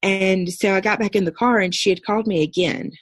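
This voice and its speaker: A woman's voice: mid-range voice, brisk, slightly rough, dry recording. Woman in her thirties, dry close recording. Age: 30s. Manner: earnest, steady recounting with brief quoted dialogue. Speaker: podcast guest. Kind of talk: personal storytelling.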